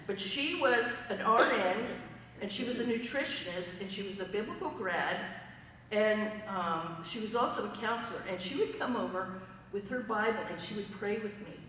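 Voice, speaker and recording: Woman, church testimony, chatty detailed storyteller, middle-pitched, distant in a reverberant hall. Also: moderate pace, fairly bright tone. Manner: conversational storytelling, vivid detail. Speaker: church member giving testimony. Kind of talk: personal testimony to a fellowship gathering. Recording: echoey hall, voice from far off, faint noise.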